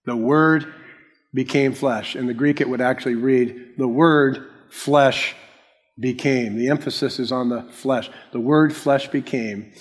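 A male pastor preaching a sermon, slow and emphatic, repeating key phrases. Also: mid-range voice, fairly even intonation, in a large hall.

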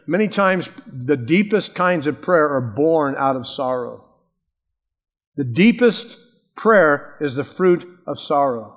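A man preaching a sermon as a pastor, telling the story with animated, acted-out quoted voices. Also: on the high side, takes it slowly, long reverb tail.

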